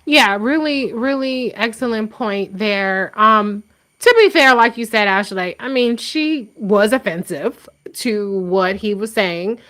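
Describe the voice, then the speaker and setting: Young woman host, casual recap talk, sweary storyteller, bright and forceful. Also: mid-range voice, slow. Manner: animated, profane, storytelling. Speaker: podcast host.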